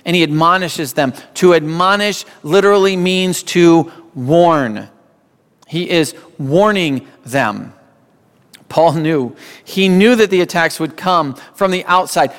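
A man's voice: on the high side, takes it slowly, fairly bright tone. A man preaching a sermon as a pastor, emphatic and repeating phrases for weight. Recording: long hall reverb.

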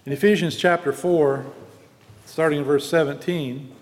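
A man preaching a sermon and reading scripture, earnest and teaching, slowing down for emphasis. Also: fairly high pitch, steady tone. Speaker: pastor. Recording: long hall reverb.

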